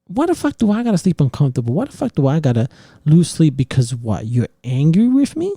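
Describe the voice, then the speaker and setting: A man with a dark, gravelly voice delivers a heated, profane podcast rant. His pitch swings widely as he mocks imagined arguments. The sound is dry and close. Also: huge pitch swings, a little fast, dry recording. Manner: profane, heated ranting with mocking quoted voices. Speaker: podcast host. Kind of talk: casual opinion rant.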